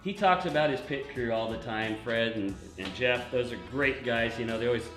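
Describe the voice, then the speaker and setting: A man's voice: medium pitch, moderate pace, fairly bright tone, roomy sound, faint music behind, rough recording. A man hosting a casual racing talk show, joking and often laughing. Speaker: host. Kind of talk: casual chat.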